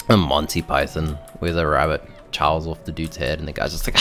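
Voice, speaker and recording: A man's voice: very deep voice, flat delivery, a little fast, vocal fry, few pauses, fairly bright tone, faint music behind. A man streaming a game, chatting casually, rambling, and playfully bantering with his chat. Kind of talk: casual gaming commentary.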